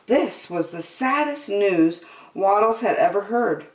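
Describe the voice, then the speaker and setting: A woman reading a children's picture book aloud with slow, expressive delivery. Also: mid-range voice. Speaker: children's storyteller. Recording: roomy, from a distance.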